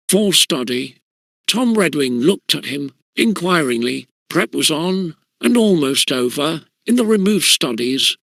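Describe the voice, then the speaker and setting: Gravelly, bright male audiobook narrator. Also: a little high, no echo.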